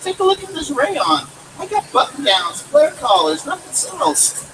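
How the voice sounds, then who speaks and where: Man doing pleading shirt merchant, salesman's patter, lively pitch, heavy background noise. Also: measured pace, exaggerated voice. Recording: distant mic, loud background noise.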